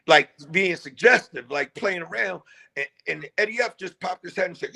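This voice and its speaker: A man's voice: high voice, animated, normal speed, gravelly, pushed and bright. A man who is a guest rapper, telling his story in an interview in a reflective, laid-back way. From New York.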